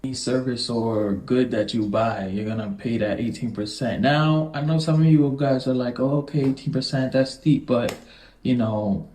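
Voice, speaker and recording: A man's voice: mid-range voice, normal speed, a little mellow. Emphatic New York man in echoey room. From New York City. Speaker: travel video host. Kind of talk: travel tips talk.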